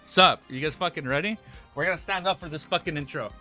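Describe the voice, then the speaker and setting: A man's voice: fairly high pitch, fast talker, bright, forceful tone, faint music behind. A young man live-streaming in casual chat, hyped up, swearing often and rambling with restarts.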